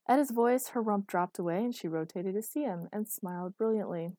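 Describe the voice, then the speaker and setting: A woman narrating a story in an even, measured reading voice. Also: mid-range voice, dry recording.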